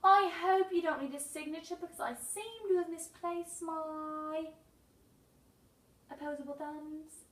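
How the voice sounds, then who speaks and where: A woman's voice: high-pitched, a little slow, roomy sound, distant mic, voice pushed up. A woman voicing a dead stuffed male raccoon in a put-on British accent, chirpy and exaggerated. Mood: posh cheer.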